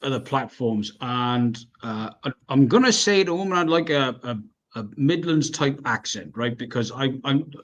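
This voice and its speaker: A British man telling animated, sweary stories in casual chat over a video call, acting out the people he quotes. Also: mid-range voice, moderate pace.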